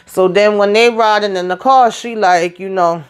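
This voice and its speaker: A woman's voice: mid-range voice, moderate pace, few pauses, smooth. Sassy woman recapping reality TV. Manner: animated, sassy, acting out cast members' lines. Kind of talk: casual recap commentary.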